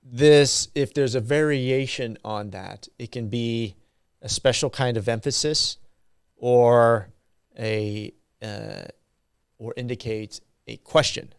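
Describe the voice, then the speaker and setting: Slow, gravelly male lecturer. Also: medium pitch, no room sound, clean studio sound. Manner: slow and halting, many ums and uhs. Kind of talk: university grammar lecture.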